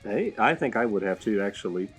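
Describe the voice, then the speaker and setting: A man hosting a podcast in relaxed, conversational chat. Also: lowish voice, brisk, faint music behind. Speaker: podcast host. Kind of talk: casual chat.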